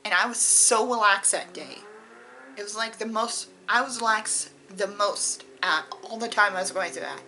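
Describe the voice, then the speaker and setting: Woman vlogger, bright tone, casual and candid, rambling talk to viewers. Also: medium pitch, slight background noise, rough recording. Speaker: beauty vlogger. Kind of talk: casual chat to camera.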